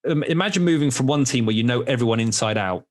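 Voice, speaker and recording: A man's voice: mid-range voice, animated, fast talker. A man in his forties hosting a podcast, telling candid, rambling stories in casual chat with some swearing. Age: 40s. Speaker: podcast host.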